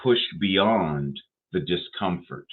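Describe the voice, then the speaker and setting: A man giving a sermon, deliberate and repetitive, asking rhetorical questions. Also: sits low, animated. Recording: tinny phone-like sound.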